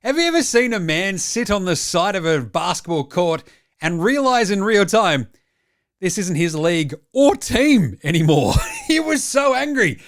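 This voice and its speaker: An Australian man hosting comedic sports highlights, with cheeky, mocking banter. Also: big pitch swings, normal speed. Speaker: host.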